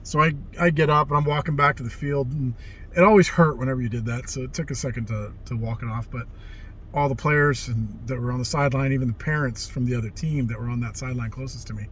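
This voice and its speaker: A middle-aged man tells stories from his own life in an easygoing, rambling way and slips into livelier voices when he quotes others. His pitch sits in an ordinary middle range, and a faint background noise runs under the recording. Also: fast. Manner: rambling, animated when quoting people. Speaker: vlogger telling life stories. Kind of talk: casual storytelling.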